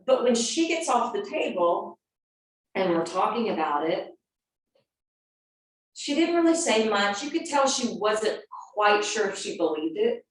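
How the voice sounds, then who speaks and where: A woman yoga teacher telling a personal story in an earnest, animated way, then leading a class into a seated stretch. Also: mid-range voice, normal speed. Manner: earnest and animated, acting out quotes. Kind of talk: storytelling and guided yoga instruction. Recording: very echoey room, voice from a distance.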